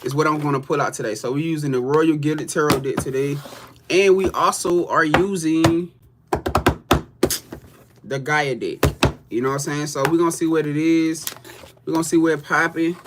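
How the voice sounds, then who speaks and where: A man's voice: a little high, moderate pace, noisy background. A man chats casually on a livestream tarot reading. He is loose and profane, cursing freely as he talks straight to his viewers.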